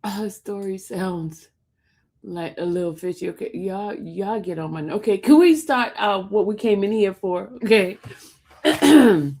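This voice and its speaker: A woman with a mid-range, darkish voice hosts a casual livestream at a measured pace, reading her chat aloud. She laughs often, teases her viewers, and sometimes drops to a whisper.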